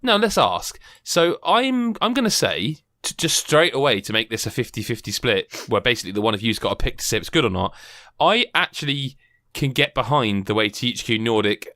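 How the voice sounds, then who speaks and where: Male podcast host, bright and forceful, dry close mic, lively banter. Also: mid-range voice, brisk, few pauses, no echo. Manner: animated, laughing, interrupting. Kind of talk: casual chat.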